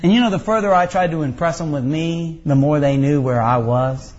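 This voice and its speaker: Emphatic folksy preacher, high voice. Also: male voice, a little fast, a little mellow, highs cut off. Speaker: pastor. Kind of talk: sermon.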